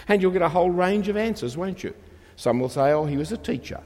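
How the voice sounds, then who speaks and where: A man delivers a sermon with a husky, gravelly voice that swings widely in pitch. He presses his points with rhetorical questions to the congregation. The sound carries the long reverb of a large church. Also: expressive, fast, a little mellow. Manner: rhetorical, emphatic, asks questions of the listeners. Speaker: preacher.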